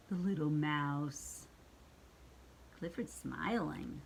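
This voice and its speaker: Slow, animated older grandma reading aloud. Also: female voice, mid-range voice, husky. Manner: gentle and expressive, asking the children questions and acting out animal sounds. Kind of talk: reading picture books aloud to children.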